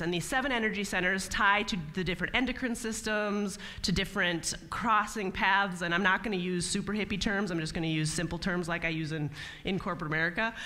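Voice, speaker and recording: A woman giving a spiritual talk to a live audience in a meeting hall, playful and animated, acting out little mock dialogues. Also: medium pitch. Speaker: guest speaker.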